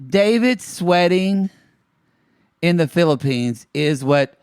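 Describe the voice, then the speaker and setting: A man's voice: sits high, animated, slow, a little mellow, smooth, no echo, studio quality. A man co-hosting a podcast, recapping a reality show in playful, campy chat. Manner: playful, campy, quotes the cast in asides. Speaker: podcast co-host. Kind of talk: casual comedic recap chat.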